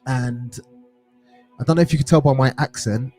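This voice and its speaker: A young man with a home counties accent talks in a relaxed, rambling way, his voice mellow and dark. Faint music plays underneath as he chats as co-host of a music show. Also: mid-range voice, moderate pace. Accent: English home counties. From England. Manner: relaxed, chatty, rambling with restarts. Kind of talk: casual chat. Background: music playing.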